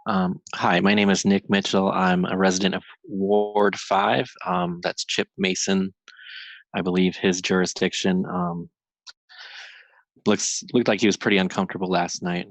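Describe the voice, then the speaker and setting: A man making a halting, rambling public comment at a council meeting over a remote line. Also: low-pitched, little pitch movement, creaky, no echo, poor audio. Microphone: remote call-in.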